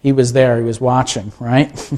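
A man's voice: mid-range voice, little pitch movement, moderate pace, dark tone. A man preaching a sermon in a conversational way, asking his listeners rhetorical questions. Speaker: pastor.

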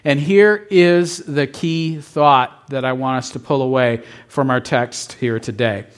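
A man's voice: medium pitch, steady tone, measured pace, clean tone. A middle-aged man preaching as a pastor, telling a story casually and asking the congregation questions. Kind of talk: conversational sermon.

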